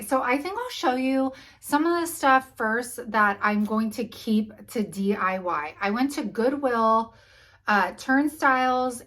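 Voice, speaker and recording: A young woman talking casually to camera about thrift finds, a little out of breath, her voice trailing off into quiet asides. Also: mid-range voice, poor audio. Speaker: vlogger showing thrift finds.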